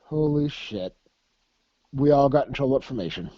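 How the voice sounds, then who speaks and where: A man's voice: mid-range voice, expressive, moderate pace, no room sound, lo-fi sound. Crude, laughing male podcast storyteller. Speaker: podcast co-host. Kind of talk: casual storytelling.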